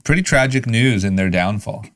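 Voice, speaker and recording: A man's voice: lowish voice, moderate pace. A man hosting a podcast, trading sarcastic, profane banter in casual chat. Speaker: podcast host.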